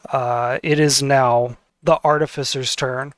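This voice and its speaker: A man's voice: medium pitch, fairly even intonation, unhurried, dry recording. A man narrating a tabletop game as game master, hesitant and with many fillers.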